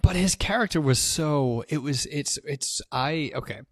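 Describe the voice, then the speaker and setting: A man's voice: a little high, lively intonation, a little slow, no room sound. A man co-hosting a movie podcast, retelling the plot in a loose, swearing casual chat. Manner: swears often, acts out quotes loosely. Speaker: podcast co-host.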